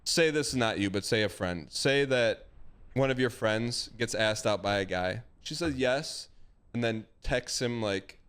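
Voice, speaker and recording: A man streaming, giving blunt, animated dating advice to a caller. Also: mid-range voice, a little slow, clean tone. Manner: blunt, animated, acts out quoted lines. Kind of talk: casual advice chat.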